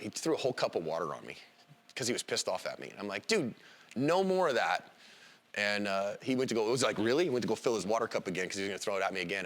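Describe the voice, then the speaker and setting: Animated, bright-voiced male instructor. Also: medium pitch. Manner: animated, joking, acts out quoted voices. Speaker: self-defense instructor. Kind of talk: live classroom lecture.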